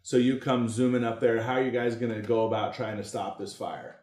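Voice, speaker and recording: A man narrating as dungeon master, halting and full of restarts as he describes the scene. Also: mid-range voice, steady tone, a little mellow. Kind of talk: narrating a tabletop game. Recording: roomy echo.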